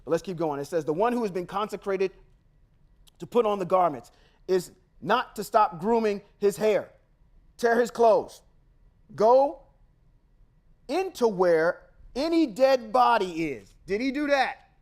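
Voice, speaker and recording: Male podcast host with a high voice, reads scripture, then argues it in punchy, slangy asides. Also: expressive, normal speed. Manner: emphatic, confrontational, slangy asides. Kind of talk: scripture reading with casual commentary.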